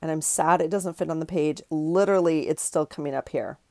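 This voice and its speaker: A middle-aged woman with a low, slightly mellow voice talks a little fast in a dry recording. Hosting her craft video, she chats casually and giggles as she rambles, correcting herself while she crafts.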